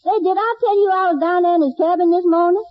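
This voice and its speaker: An actress playing a devoted, easily flustered maid in a 1940s radio sitcom, who keeps calling everyone honey, on a dull old broadcast recording. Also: female voice, extremely high pitch, fast, no room sound. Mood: fussing. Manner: calls everyone honey, excitable.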